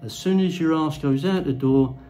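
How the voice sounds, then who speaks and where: Guy ranting to camera, swears a lot, blunt, slightly high voice. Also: normal speed, dark tone, rough recording. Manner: blunt, crude, swears freely. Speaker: vlogger.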